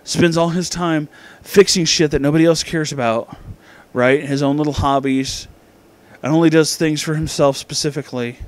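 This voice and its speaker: A drunk man hosting a comedic movie review, ranting with heavy profanity and loud outbursts. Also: a little high, steady tone, normal speed.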